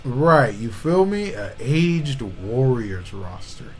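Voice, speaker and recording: A man's voice: medium pitch, lively intonation, slow, a little hiss or hum, low-quality recording. A man co-hosting a podcast, arguing about basketball in casual slang and often saying "you know what I'm saying". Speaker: podcast co-host. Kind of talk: casual sports debate.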